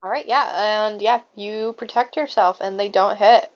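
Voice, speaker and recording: A woman's voice: mid-range voice, steady tone, a little slow. Game master woman, dull lo-fi audio. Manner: vivid descriptive narration. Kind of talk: narrating a tabletop game.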